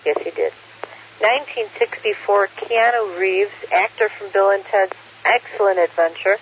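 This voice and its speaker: A high-voiced man speaking at normal speed runs a ham radio net, reading out the day's holidays in a relaxed, joking way with frequent "uh" fillers. He is the net control operator, and the lo-fi radio audio has a faint hiss.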